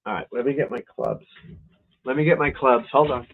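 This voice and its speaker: A man with a gravelly, creaky voice grumbles and swears as he chats casually with his viewers. The audio sounds thin and phone-like, as on a lo-fi livestream. He keeps up a running exasperated mutter. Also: mid-range voice, a little fast. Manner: exasperated muttering and cursing to himself. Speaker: golf instructor and show host. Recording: tinny phone-like lo-fi stream audio.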